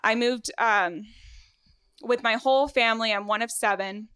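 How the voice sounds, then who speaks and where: A woman's voice: fairly high pitch, normal speed, smooth. A woman in her twenties from Venezuela, raised in South Florida, telling a self-deprecating first-person story live on a theater stage. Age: 20s. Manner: lively and self-deprecating, laughs often.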